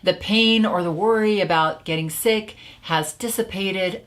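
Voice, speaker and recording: A woman's voice: mid-range voice, unhurried. A woman who coaches smokers, talking to camera in a casual, chatty way with lots of filler words. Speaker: stop-smoking coach. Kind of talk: casual teaching video.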